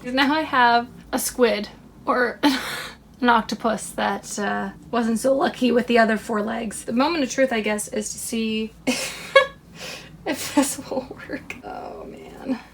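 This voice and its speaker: A woman's voice: fairly high pitch, steady tone, measured pace, gravelly, slight background noise. A young woman talking to herself as she crochets a toy, chatty and self-deprecating, laughing at her own mistakes. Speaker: crochet vlogger. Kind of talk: casual self-talk while crafting.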